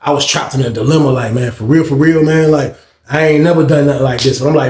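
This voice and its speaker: A man telling a story casually, animated and slangy, with lots of profanity and fillers. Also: mid-range voice, fast. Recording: roomy echo.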